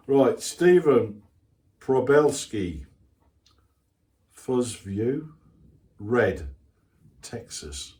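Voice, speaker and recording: Warm-toned and mid-range, this older man's voice carries his hobby channel as he chats loosely. Reading viewer comments aloud, he wanders off on asides and makes fun of himself.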